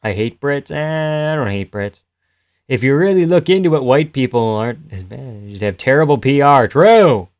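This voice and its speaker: Guy streaming fight reactions, mid-pitched, swears a lot, trails off, dry close sound. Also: lively intonation, normal speed, dry recording. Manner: loose and profane, often trailing off quietly. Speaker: live-stream host reading chat.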